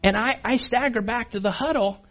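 Husky-voiced man telling a lively football story. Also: extremely high pitch, moderate pace. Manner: animated, laughing often, acting out his past self. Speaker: former high school football player telling a story. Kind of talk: anecdotal storytelling to an audience.

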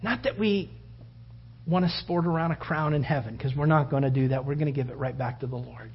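A man preaching a sermon, acting out the story with loud outbursts and hushed whispers. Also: fairly high pitch, brisk, husky. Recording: dull lo-fi sound.

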